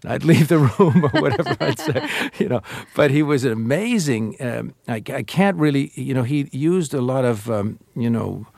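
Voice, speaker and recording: Gravelly man telling a story. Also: medium pitch, normal speed, few pauses. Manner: lively, acts out quotes, laughs while telling. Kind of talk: anecdotal storytelling.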